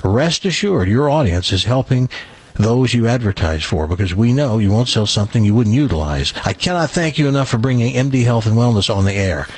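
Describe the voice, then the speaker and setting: A man's voice: mid-range voice, slightly rough, dry recording. A man from Tennessee hosting a radio talk show in a studio, chatty and folksy.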